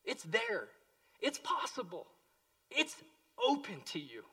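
Pastor guy preaching, bright forceful voice, mic kinda far off, goes quiet then loud. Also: sits high, wildly swooping pitch, takes it slowly. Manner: impassioned, swings from hushed to loud. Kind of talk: sermon.

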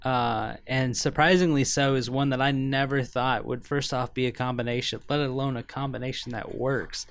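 A man's voice: mid-range voice, steady tone, normal speed, hardly any pauses, smooth, no echo. A man co-hosting a video game podcast, easygoing and joking in casual chat. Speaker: podcast co-host.

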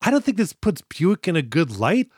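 Animated, profane male podcast host. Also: on the high side, normal speed, slightly rough, no echo, studio quality. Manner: animated, profane, jokey recapping. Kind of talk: casual chat about a film.

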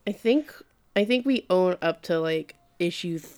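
Smooth-voiced woman recapping an anime. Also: on the low side, normal speed. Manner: animated, acts out quoted lines. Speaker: podcast co-host. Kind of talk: casual chat recapping an anime.

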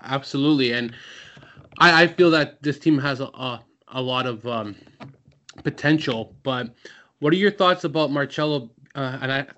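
A man's voice: medium pitch, moderate pace, bright, forceful tone. A man hosting a football chat show who asks questions hesitantly and stumbles over names. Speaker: podcast host. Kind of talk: casual chat. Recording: dull, lo-fi sound.

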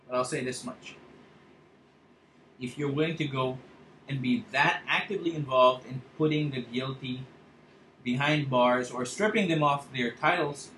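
A man's voice: mid-range voice, a bit bright, roomy sound, a little hiss or hum, rough recording. A man ranting angrily and passionately on his podcast, swearing as he confronts a politician. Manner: angry, impassioned, swearing. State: choked up, fighting tears. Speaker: podcast host. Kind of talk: political rant monologue.

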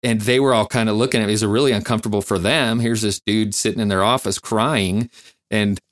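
Low-voiced man telling stories. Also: fairly even intonation, no echo. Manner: reflective, halting, many fillers. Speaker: firefighter and flight nurse guest. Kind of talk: candid storytelling interview.

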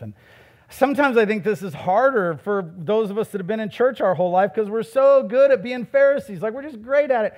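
Middle-aged pastor, man, slightly high voice, casual preaching that swings from loud stresses to quiet asides. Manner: conversational preaching with shifts between loud emphasis and soft asides. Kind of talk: sermon.

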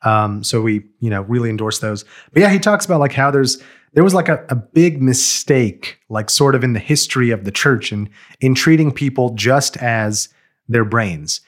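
Man talking quickly with lots of fillers. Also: medium pitch, expressive. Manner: quick, filler-heavy speech with many "like"s. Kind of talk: casual chat.

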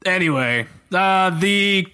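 A man co-hosting a casual gaming podcast, jokey and animated, often slipping into silly voices. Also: high voice, slow pace, clean tone. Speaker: podcast co-host.

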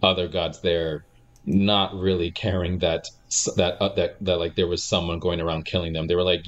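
Deep-voiced man, halting, dull mic. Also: level tone. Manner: halting, searching for words. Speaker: podcast co-host. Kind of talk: casual film review chat.

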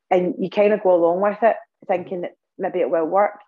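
A woman's voice: lowish voice, steady tone, fairly quick, few pauses, lo-fi sound. A Scottish woman, a podcast guest, telling a long personal story in casual interview talk, with earnest pacing and many fillers and restarts. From Scotland.

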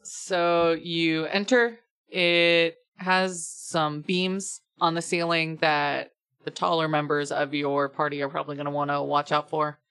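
A woman narrating a tabletop game as game master, describing scenes in a relaxed, halting way. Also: low voice, smooth, dry recording.

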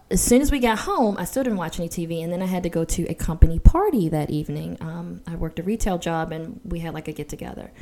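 A woman in her forties telling a personal story in casual chat, animated and acting out what people said. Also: lowish voice. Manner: animated storytelling, acts out quoted voices.

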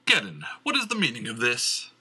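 Man doing a steady calm leader type in an audiobook, husky, pretty lively delivery. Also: medium pitch, normal speed, pitched above the performer's own voice, heavily acted.

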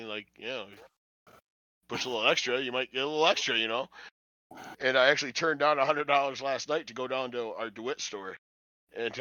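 A man's voice: mid-range voice, bright, forceful tone, no echo. A man hosting a casual podcast from home, rambling, swearing and laughing as he talks. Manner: rambling, profane, laughs often. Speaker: podcast host. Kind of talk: casual chat. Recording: dull lo-fi audio.

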